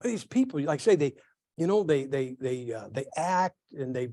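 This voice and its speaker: A middle-aged male pastor preaching a sermon, telling folksy stories with lively asides to his congregation. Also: medium pitch, normal speed, no echo, studio quality. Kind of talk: sermon with storytelling.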